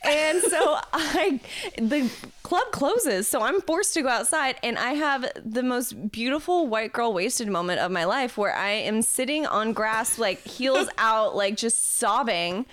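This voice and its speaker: A woman co-hosting a casual chat, telling her side of a story in an expressive, giggly way. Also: a little high, a little slow.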